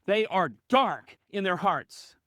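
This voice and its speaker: A man's voice: high-pitched, expressive, slow, fairly bright tone, no room sound, clean studio sound. A male pastor preaching a narrative sermon, telling the story with energy and acting out the dialogue in changing voices.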